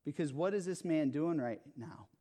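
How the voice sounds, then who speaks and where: A man's voice: on the high side, lively intonation, normal speed, dark tone. A man preaching a sermon, speaking with emphasis, repeating phrases and checking in with "okay?" and "right?". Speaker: pastor.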